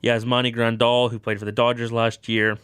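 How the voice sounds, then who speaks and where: A man's voice: medium pitch, level tone, a little fast, a bit bright, clear, resonant tone, no echo. A young man hosting a sports talk show, rambling through baseball news and correcting himself as he goes. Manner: rambling, self-correcting, lots of "of course". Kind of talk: casual sports talk monologue.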